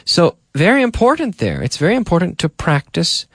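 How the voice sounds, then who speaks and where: A man's voice: high-pitched, huge pitch swings, dry recording, clean studio sound. A man teaching English on a radio lesson. He drills words and phrases by repeating them, and he asks and answers his own practice questions. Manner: drills phrases with slow repetition. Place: radio studio.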